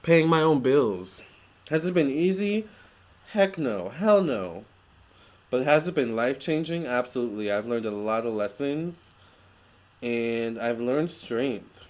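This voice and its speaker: A man's voice: mid-range voice, expressive, unhurried, darkish tone. A young man vlogging in a chatty, gushing way, full of fillers and restarts. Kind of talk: casual storytelling vlog.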